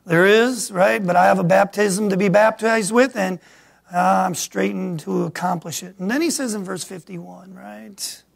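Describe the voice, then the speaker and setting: A middle-aged man from Michigan preaching a sermon as pastor, swinging from quiet asides to loud emphatic peaks. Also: sits high, normal speed, creaky. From Michigan, USA.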